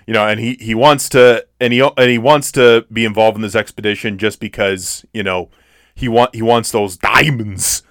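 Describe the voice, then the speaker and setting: Low-voiced man rambling about a movie. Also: steady tone, normal speed, a bit bright, dry recording, clean studio sound. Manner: rambling, many fillers and restarts. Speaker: podcast co-host. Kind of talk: casual movie review chat.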